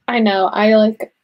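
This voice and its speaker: A woman's voice: mid-range voice, lo-fi sound. A young woman hosting a livestream, chatting casually, reading out viewer comments and laughing often. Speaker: livestream host.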